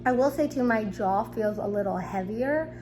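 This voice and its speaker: A woman's voice: on the high side, expressive, normal speed. Young adult woman, casual vlogger, slight airy lisp, chatty with fillers, faint hum behind. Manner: chatty, with frequent ums and likes. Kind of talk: casual vlog diary.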